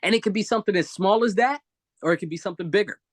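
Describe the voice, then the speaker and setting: A man's voice: high voice, racing, no room sound. A man speaking expressively on a live video-call talk show, giving emphatic motivational advice.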